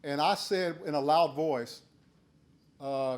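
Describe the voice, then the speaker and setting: A man in his sixties giving a keynote speech, telling a folksy story and becoming animated when he acts out shouted quotes. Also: a little high, slow, long pauses. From United States. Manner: earnest and urging in advice. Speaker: keynote speaker.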